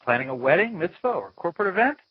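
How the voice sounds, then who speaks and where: A man's voice: sits high, sing-song, fast, breathy edge, no echo, muffled recording. A man hosting his own interview podcast, talking in a playful, chatty way with mock-dramatic asides. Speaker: podcast host. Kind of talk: chatty interview-show host intro. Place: small home studio, Florida.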